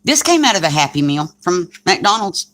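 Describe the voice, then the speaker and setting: A woman's voice: fairly low pitch, sing-song, normal speed, a bit bright. Chatty woman storyteller. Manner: chatty storyteller, joking and laughing often. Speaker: craft channel host. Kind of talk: casual livestream chat.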